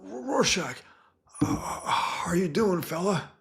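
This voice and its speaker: A man's voice: sits high, lively intonation, slow pace, creaky, a bit bright, voice pushed up, exaggerated voice. A man voicing a terrified male bartender who stammers and pleads. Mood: nervous.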